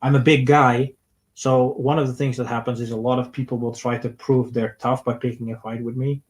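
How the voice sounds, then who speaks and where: A man's voice: medium pitch, flat delivery, brisk, low-quality recording. A young man, bluntly reading out viewer questions and giving his opinions on a casual livestream. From Netherlands. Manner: blunt and opinionated, reads out questions then answers. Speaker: streamer answering viewer questions.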